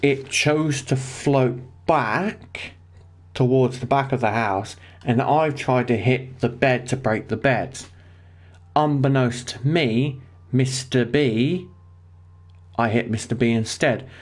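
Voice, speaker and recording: A gaming livestreamer with a mid-range voice plays a survival game, giving casual commentary at a slow pace. He's excitable, breaking into panicky outbursts and swearing when things go wrong.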